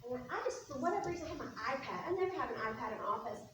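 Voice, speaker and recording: A woman speech therapist giving an informal talk to a support group, a lively storyteller who acts out dialogue. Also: sits high, very fast. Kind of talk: informal presentation with anecdotes. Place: meeting room. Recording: very echoey room, mic far off, faint noise.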